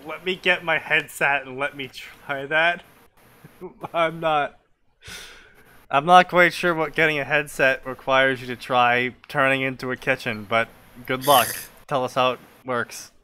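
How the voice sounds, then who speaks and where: A man's voice: mid-range voice, fairly even intonation, measured pace, pushed and bright, clean tone. Rambling young man reading fanfic aloud. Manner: laughing, rambling, swears freely. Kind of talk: casual stream commentary and reading aloud.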